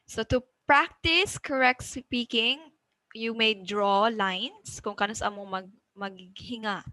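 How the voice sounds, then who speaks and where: A woman with a Cebuano Filipino accent gives an online lesson in a slow, unhurried way. Her voice sits a little high and sounds bright and clear. The sound is dry and close, and she keeps checking in with her students. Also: no room sound, low-quality recording. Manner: frequent "okay?" checks, mixes English with Cebuano. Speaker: teacher. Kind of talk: online class lecture.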